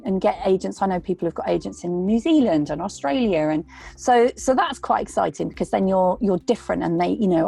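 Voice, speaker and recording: A woman's voice: medium pitch, vocal fry, mellow. A woman voice actor giving earnest, rambling advice in a casual interview, often restarting her sentences. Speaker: voice actor guest.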